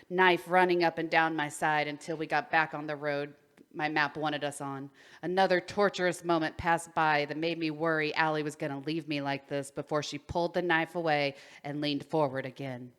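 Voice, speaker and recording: Woman, podcast co-host, reads aloud, lowish voice, giggly, stumbles on words. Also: steady tone, moderate pace, fairly bright tone, smooth. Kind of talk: reading a story aloud with giggles.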